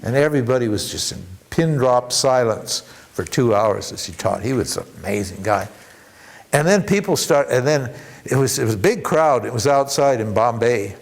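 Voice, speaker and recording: A man giving an informal workshop talk as a spiritual teacher, animated and acting out the voices he quotes. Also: medium pitch, normal speed, creaky. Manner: animated, acts out quoted voices, chuckles between points.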